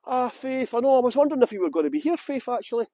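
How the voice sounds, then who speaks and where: Lively Scottish man guiding a tour. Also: very high-pitched, racing, dry recording. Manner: joking, facetious banter with viewers. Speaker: tour guide. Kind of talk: live walking tour commentary. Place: outdoor gardens. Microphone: handheld phone while walking.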